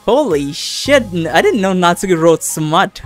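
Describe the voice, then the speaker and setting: Soft background music plays as a let's play host in his twenties comments casually on a visual novel he's playing. His high voice is unhurried, and he's animated, swearing a lot and rambling with many fillers.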